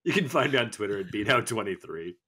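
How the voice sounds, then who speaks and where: A man's voice: on the low side, very animated, fast talker, pushed and bright, husky. A man guesting on a gaming podcast, casual and amused, dropping short quips.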